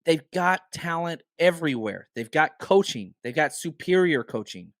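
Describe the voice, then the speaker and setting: A man hosting a casual sports podcast, animated and firing off rhetorical questions, a bit hoarse from talking a lot. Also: on the high side, moderate pace, no echo, studio quality. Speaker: podcast host.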